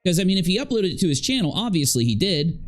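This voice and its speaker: A man's voice: high voice, big pitch swings, quick pace. Man ranting emphatically over faint music. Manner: emphatic, rambling, repeats phrases; talking while eating and drinking. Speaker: commentary channel host. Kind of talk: ranting commentary.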